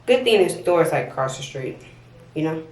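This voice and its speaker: A woman's voice: deep voice, lively intonation, brisk, a little mellow, distant mic. A woman chatting through a casual tutorial vlog in a slangy, rambling way from her bathroom. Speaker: vlogger. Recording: roomy, off-mic, faint noise.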